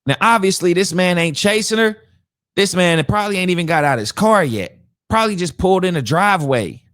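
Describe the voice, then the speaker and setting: A man's voice: sits high, fairly quick, a little hiss or hum. A man hosting a podcast, giving incredulous reaction commentary on a video and acting out the people in it. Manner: animated, incredulous, acts out quotes.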